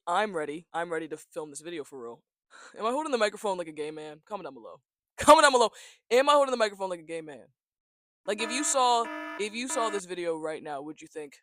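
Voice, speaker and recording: Congested young man, joking, high voice. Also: brisk, dry recording. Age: young adult. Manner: joking, self-mocking, animated. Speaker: vlogger. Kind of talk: casual talking-head chat. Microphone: small handheld mic, close. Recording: close dry tiny mic.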